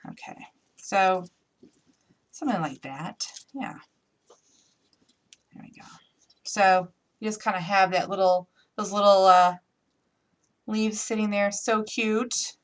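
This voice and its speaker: A woman's voice: mid-range voice, takes it slowly, pauses often. A woman chatting to viewers as she demonstrates a craft project in a casual live tutorial. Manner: chatty, talks to viewers while working.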